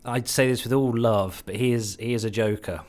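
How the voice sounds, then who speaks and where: A man's voice: mid-range voice, fairly even intonation, brisk, a little mellow. A man hosting a podcast, chatting casually and throwing in wry, joking remarks. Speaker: podcast host. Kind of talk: casual interview chat.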